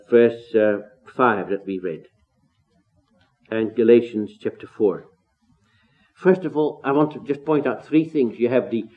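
A man preaching an expository sermon, earnest and emphatic, with rhetorical questions and rising exclamations. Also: medium pitch. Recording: tinny phone-like sound.

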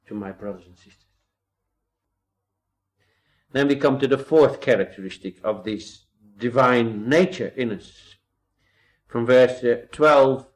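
A man delivers an earnest Bible sermon at a medium pitch, walking through scripture verse by verse. He reads old-style scripture aloud and climbs into emphatic peaks on key points. Rhetorical questions keep the tone pressing. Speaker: preacher.

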